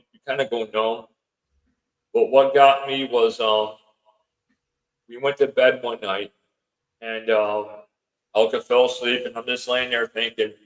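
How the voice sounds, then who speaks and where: Halting man telling a frightening story. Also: mid-range voice, fairly bright tone, poor audio. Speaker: guest. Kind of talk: storytelling in a podcast interview.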